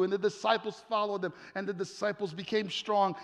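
A male pastor preaching a sermon, dramatic, with emphatic repetition and drawn-out pauses. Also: sits high. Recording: long hall reverb.

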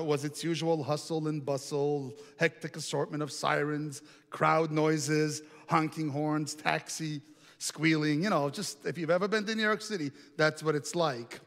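A man's voice: on the high side, a bit bright. A man preaching a sermon, telling a story in a conversational way and asking the congregation questions. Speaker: pastor. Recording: echoey hall reverb.

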